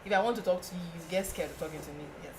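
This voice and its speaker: A young woman with a Nigerian accent, a podcast guest telling a story in casual chat, animated and often laughing. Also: very fast, a little hiss or hum. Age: young adult. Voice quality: laughing, animated, breaks into high squeals.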